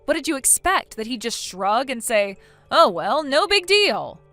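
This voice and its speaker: A woman's voice: sits high, sing-song, unhurried, bright, forceful tone, no echo, soft background music, full character voice. A woman voicing a blunt, lecturing female friend. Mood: stern. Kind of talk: text story narration.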